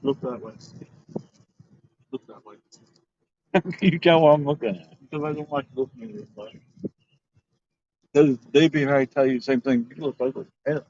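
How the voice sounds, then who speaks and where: A man's voice: a little high, a little fast, darkish tone, dry recording. A man on a fishing boat, chatting and teasing his live-stream viewers in a joking, offhand way. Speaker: fishing vlogger reading live chat. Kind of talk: casual live-stream chat. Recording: dull lo-fi sound.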